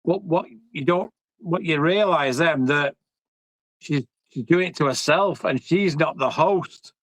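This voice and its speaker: Male co-host, slightly higher pitch, dry, animated and repetitive in casual chat. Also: a little slow, dry recording, poor audio. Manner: animated, repeats himself. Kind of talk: casual film review chat.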